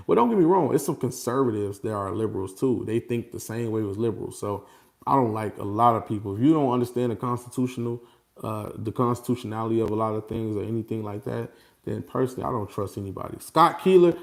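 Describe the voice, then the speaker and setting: Animated man ranting to his followers. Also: on the low side, fast, creaky. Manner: animated and repetitive, slipping into laughter. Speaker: vlogger addressing his followers. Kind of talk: casual unscripted monologue.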